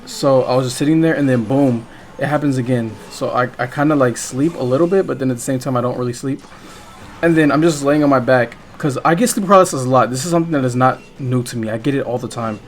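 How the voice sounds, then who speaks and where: A man's voice: mid-range voice, fast talker. A young man telling a story casually while playing a game, rambling and swearing, full of fillers and restarts. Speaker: gaming vlogger.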